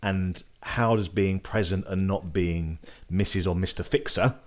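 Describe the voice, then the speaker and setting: A man's voice: low voice, measured pace. A man hosting a conversational interview, asking curious, prompting questions. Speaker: interview host.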